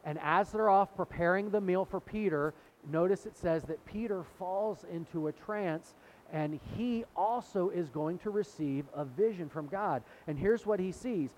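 A man's voice: sits high, measured pace, darkish tone, slight background noise. A middle-aged man preaching a sermon in a conversational way, retelling scripture and acting out the quotes. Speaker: pastor.

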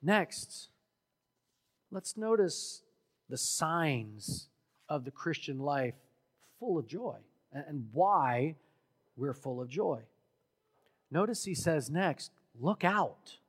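A man preaching a sermon as pastor, emphatic and building to loud exhortation. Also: on the high side, lively intonation, slow, long pauses, breathy edge. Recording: long hall reverb.

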